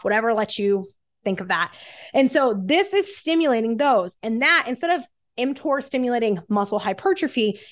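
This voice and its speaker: A woman guest on a fitness podcast, energetically explaining exercise science with everyday analogies. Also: a little high.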